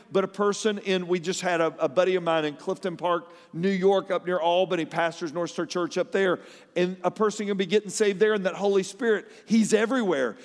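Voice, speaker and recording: A middle-aged man, an animated pastor preaching a sermon and telling personal stories. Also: high voice, big-room sound. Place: large church hall.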